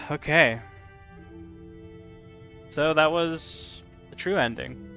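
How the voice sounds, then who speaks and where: A man's voice: on the high side, extremely slow, sharp tone, faint music behind. A man chatting casually while live-streaming a game, answering chat and laughing often.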